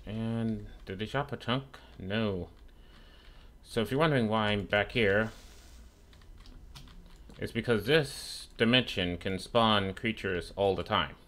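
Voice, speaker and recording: A young man with a fairly low voice gives casual gameplay commentary. He swears freely and trash-talks the mobs that keep shooting him. A keyboard clacks softly in the background. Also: slow pace, long pauses, a little hiss or hum. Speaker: gaming streamer.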